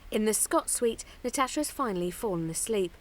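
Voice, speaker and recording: A woman giving calm, matter-of-fact scripted narration for a documentary. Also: mid-range voice, a little fast, a crowd in the background.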